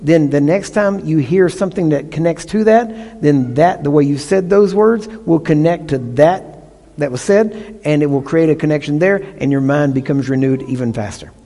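A man preaching with a fairly high voice, leaning hard on key words and checking in with the congregation between points. His voice rings out with a long reverb, as if he is in a large church hall. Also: normal speed, warm tone. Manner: emphatic teaching with call-and-response checks. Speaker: pastor. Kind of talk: sermon.

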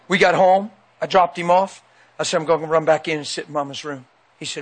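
A middle-aged man preaching with a notably high voice. He tells a story in a lively, animated way and acts out the dialogue. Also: brisk, long pauses. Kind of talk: sermon testimony.

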